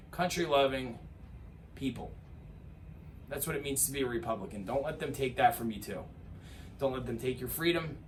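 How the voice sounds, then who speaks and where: A man's voice: a little high, fairly bright tone. Rousing man, faint hiss behind. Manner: rousing, emphatic, with rhetorical lists and repeated calls to action. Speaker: political commentator. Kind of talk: impassioned political address to camera.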